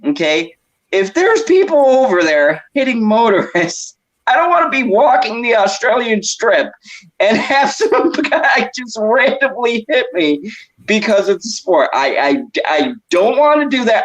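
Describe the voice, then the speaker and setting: Co-host, lively up-and-down delivery, laughs often, lo-fi recording. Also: medium pitch. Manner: giggly, animated storytelling. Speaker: podcast co-host. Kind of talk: casual chat. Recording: dull lo-fi sound.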